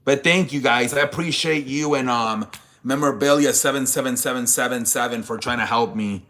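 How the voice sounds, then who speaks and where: Speaking fairly quickly in a mid-range, somewhat bright voice, this young man hosts a live sports show. His casual stream chat with viewers turns rambling and profane when he gets worked up.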